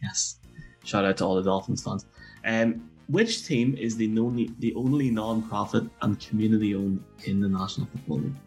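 A man's voice: on the low side, normal speed, breathy edge, soft background music. Joking Irish man reading quiz questions. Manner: joking, teasing, colloquial. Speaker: quizmaster. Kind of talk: casual podcast game show.

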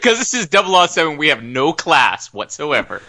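Very animated man with a bright voice. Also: on the high side, normal speed. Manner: animated, laughing, blunt. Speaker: podcast co-host. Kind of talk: casual film commentary chat.

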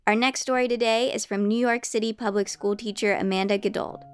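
A woman's voice: medium pitch, steady tone, a little fast, smooth, faint music behind. A woman podcast host reading a friendly, earnest scripted announcement to listeners.

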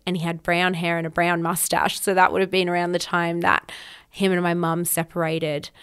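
A woman's voice: lowish voice, a bit bright, clear, resonant tone. A woman podcast host telling a personal story in an emphatic, candid way, swearing freely.

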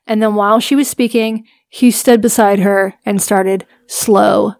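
A woman's voice: medium pitch, fairly even intonation, a little slow, vocal fry, a little mellow, no echo, clean studio sound. A woman co-hosting a podcast, recounting a story in a wry, casual way and laughing often. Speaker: podcast co-host. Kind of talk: casual chat.

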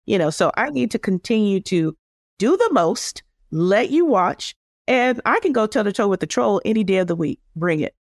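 A woman's voice: mid-range voice, expressive, normal speed, no room sound, clean studio sound. A woman HR consultant answering as an interview guest, speaking in an assertive, emphatic way.

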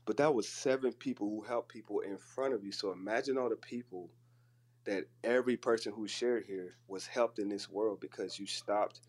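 A man in a casual online group chat, telling a personal story in an animated way over a phone app. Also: fairly low pitch, moderate pace. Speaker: room participant.

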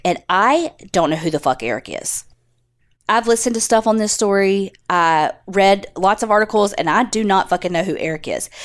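A woman co-hosting a podcast, telling a story in a casual, chatty way, swearing freely and acting out the quotes. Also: medium pitch. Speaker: podcast co-host.

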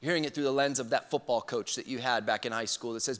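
A man preaching a sermon as pastor. He talks earnestly and swings from loud emphasis down to soft, slow, near-hushed lines. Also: medium pitch, expressive, long reverb tail. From Georgia, US.

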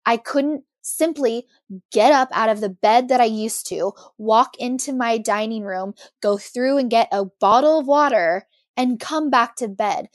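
A woman's voice: on the high side, a little slow, dry recording, clean studio sound. Emotional young woman telling her story. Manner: emotional, animated retelling. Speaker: guest. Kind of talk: personal storytelling interview.

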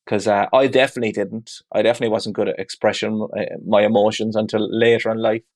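A man's voice: on the low side, little pitch movement, quick pace, darkish tone. A man speaking as a father in an interview, reflective and open, talking candidly with frequent "you know" asides. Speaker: guest; father of two.

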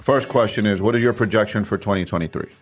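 Brief: male podcast host, low voice, direct questions, faint music underneath. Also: quick pace. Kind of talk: interview questions.

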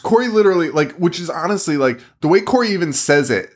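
Male co-host with a bouncy, expressive voice, profane and giggly. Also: a little high, fast. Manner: animated, laughing, swearing. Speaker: podcast co-host. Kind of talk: casual chat.

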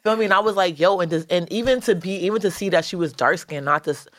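A woman's voice: fairly low pitch, quick pace, dry recording. Chatty New woman, dry close sound. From the Bronx, New York. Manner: chatty, loose and slangy, full of "like" and restarts, swears freely. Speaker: rapper, guest. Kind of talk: casual interview chat.

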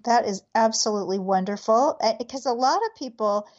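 A woman's voice: on the high side, a little fast. A woman hosting an interview, upbeat and encouraging as she asks questions. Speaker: host. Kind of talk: interview talk. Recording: slightly dull lo-fi sound.

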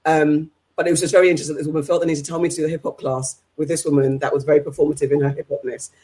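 A man co-hosting a podcast, telling stories in quick, animated casual chat. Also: on the high side. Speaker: podcast co-host.

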